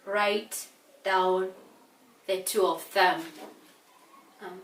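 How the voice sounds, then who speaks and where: A tired woman from Kenya teaching an English revision lesson, speaking slowly and repeating words to stress their syllables. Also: medium pitch, steady tone. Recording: echoey room from a distance, faint hiss.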